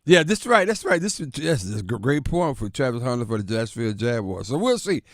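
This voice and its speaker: Relaxed, mid-pitched male radio host, dry studio sound. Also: fast, no room sound. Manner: relaxed, affirming, chatty. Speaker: sports talk show host. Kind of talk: casual sports radio talk.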